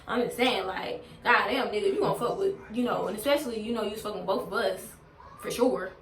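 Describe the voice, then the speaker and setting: A woman's voice: medium pitch, brisk. A woman telling a storytime on her vlog in a blunt, heavily profane, venting way. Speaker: vlogger. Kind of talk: casual storytime rant. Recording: roomy, distant from mic.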